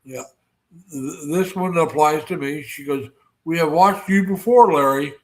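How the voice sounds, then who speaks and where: A man hosts a casual livestream, rambling along and calling out viewers by name. His voice sits a little high for a man, and his talk is full of fillers and restarts. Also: measured pace. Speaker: livestream host.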